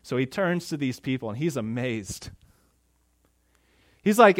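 A male pastor preaching a conversational sermon, who gets louder and more forceful when he voices the people he quotes. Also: medium pitch, animated, measured pace, pauses often.

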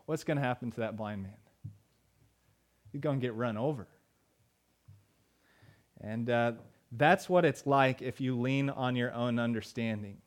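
A man's voice: medium pitch, unhurried, long pauses. A male pastor delivering a sermon in a conversational way, with fillers and emphatic repeated lines.

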